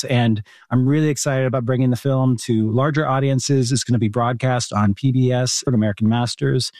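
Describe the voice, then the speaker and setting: A man's voice: mid-range voice, darkish tone, no room sound, clean studio sound. A man, a documentary filmmaker, answering interview questions in an earnest, heartfelt way with frequent restarts. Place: home room.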